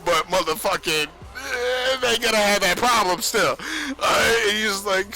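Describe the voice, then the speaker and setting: A young man rambles on a livestream, swearing freely and boasting between bursts of laughter. His voice sits high and sounds bright and edgy. Faint music plays behind him. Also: measured pace, rough recording. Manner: profane, boastful, laughs often. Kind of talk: rambling casual stream monologue.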